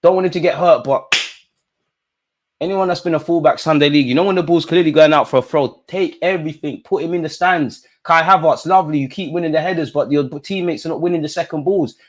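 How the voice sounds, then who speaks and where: Excitable young football streamer. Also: male voice, quick pace. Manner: shouts at players and ref, swings from mutters to high yells. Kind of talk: live match reaction commentary.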